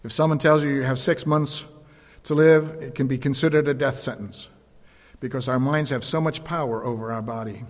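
A man preaching a sermon, repeating phrases for emphasis and dropping to quieter tones. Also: medium pitch, fairly even intonation, normal speed. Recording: long hall reverb.

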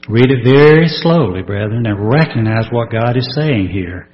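A man's voice: medium pitch, animated, moderate pace. A man preaching a sermon, reading scripture aloud with earnest, emphatic rises. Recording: dull lo-fi sermon recording.

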